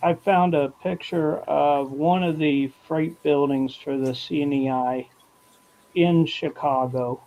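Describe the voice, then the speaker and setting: A man chatting casually on a video call, relaxed and rambling. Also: fairly high pitch, takes it slowly, low-quality recording. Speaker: guest. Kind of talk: casual chat.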